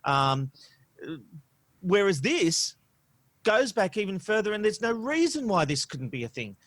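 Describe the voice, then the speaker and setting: A man co-hosting a casual podcast, his voice slightly on the high side and recorded close and dry. He talks in an animated, opinionated way, leaning on "you know" and "um" as he makes his points. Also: a little slow, no room sound. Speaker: podcast co-host. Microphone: studio microphone.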